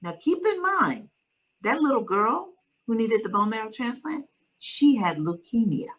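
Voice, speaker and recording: A woman earnestly telling a personal story in conversation, measured and steady, with pauses to find her words. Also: a little high, slightly rough, poor audio. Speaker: guest sharing her story.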